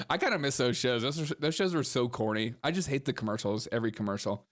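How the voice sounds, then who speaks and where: A young man hosts a comedy show as a podcast host, riffing sarcastically on the news in comedic political commentary and laughing often. He talks fast at medium pitch, with few pauses.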